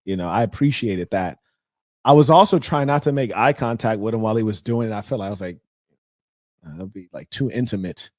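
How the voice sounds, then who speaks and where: A middle-aged man hosting a relationship advice livestream, talking candidly and telling stories with loud, animated outbursts. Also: lowish voice, fast, no room sound, studio quality. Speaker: host of a relationship advice show. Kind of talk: casual livestream talk reading viewer messages.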